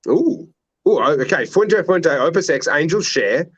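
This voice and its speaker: A man's voice: on the high side, expressive, unhurried, slightly rough, highs cut off. A man hosting a casual chat, teasing and sarcastic. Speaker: host.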